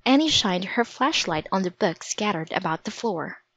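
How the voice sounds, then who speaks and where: A woman reading a children's storybook aloud in a gentle, measured way. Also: medium pitch, animated, no echo. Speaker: narrator. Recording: dry, slightly dull audiobook recording.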